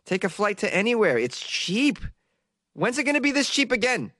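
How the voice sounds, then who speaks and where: A male comedy-news podcast host rambles through his opinions, joking and laughing as he goes. His slightly high voice swings widely in pitch. The recording is dry and close-miked. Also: very animated, moderate pace, pushed and bright, no room sound. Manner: rambling, jokey, laughs often. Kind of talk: casual comedic news commentary.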